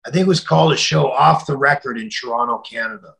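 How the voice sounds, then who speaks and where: A middle-aged man telling a story in an interview, acting out the quoted voices and sometimes shouting them. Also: mid-range voice, fast talker, vocal fry, poor audio. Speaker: interview guest.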